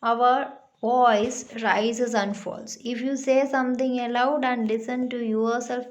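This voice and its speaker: A woman's voice: a little high, fairly even intonation. A woman teacher giving a classroom lesson, explaining patiently and checking in with her pupils. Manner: slow, patient, checks in with "huh?".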